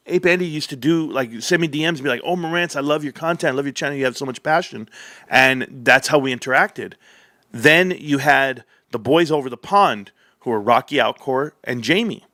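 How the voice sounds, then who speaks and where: A man hosting a livestream, telling a long story in a rambling, animated way, with profanity, restarts and side remarks. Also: mid-range voice, no echo, clean studio sound. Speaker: livestream host.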